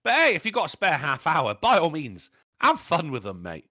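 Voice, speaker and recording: A man's voice: a little high, moderate pace, dry recording, studio quality. A British man co-hosting a podcast, telling mischievous anecdotes in casual chat and swearing freely. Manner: animated, profane, mischievous storyteller. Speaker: podcast co-host.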